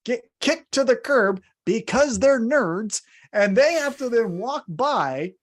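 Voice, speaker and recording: A man's voice: very high-pitched, lively intonation, slow pace. A man co-hosting a wrestling podcast, recapping segments like a story with wry asides and questions. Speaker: podcast co-host. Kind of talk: casual wrestling recap narration.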